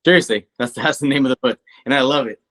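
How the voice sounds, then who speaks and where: A man co-hosting a podcast in a casual chat, swearing a lot and rambling, his voice climbing when he gets worked up. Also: quick pace. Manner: profane, rambling, animated, rising pitch when worked up. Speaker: podcast co-host; coach.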